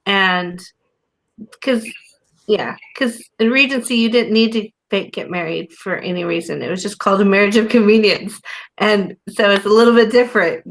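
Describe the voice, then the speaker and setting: A woman co-host in a casual chat, her voice at a middle pitch. She talks in loose, rambling sentences full of fillers. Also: moderate pace, a bit bright, poor audio. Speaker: podcast co-host.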